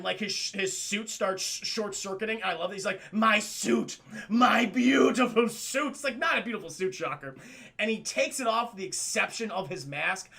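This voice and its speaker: A young man's fairly high voice carries a bright, crackling fry as he talks his stream chat through a cartoon scene by scene. He swears casually, laughs at the funny bits, and slips into quick voiced quotes. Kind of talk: casual recap, addressing chat.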